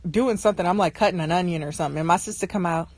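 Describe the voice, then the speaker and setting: A woman's voice: fairly low pitch, racing, a little mellow, no room sound. A young woman telling stories to her viewers in a casual, exasperated way, often laughing as she rants. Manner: ranting, exasperated. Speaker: livestream host.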